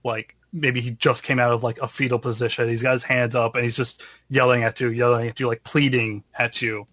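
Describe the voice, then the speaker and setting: A man narrating as game master in a tabletop game, halting, with many fillers. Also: mid-range voice, flat delivery, fairly bright tone, no echo.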